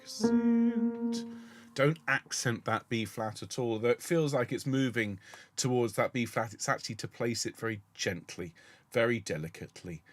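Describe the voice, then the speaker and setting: A man leading a choir rehearsal, explaining the music in a gentle, encouraging way. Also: mid-range voice, expressive, normal speed. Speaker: choir director.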